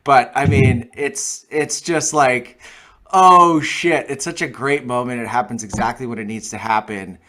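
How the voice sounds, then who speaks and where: A man's voice: mid-range voice, a little slow, bright, forceful tone. A man co-hosting a podcast, talking about films in a loose, laughing way that often trails off. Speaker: podcast co-host. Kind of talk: casual film discussion.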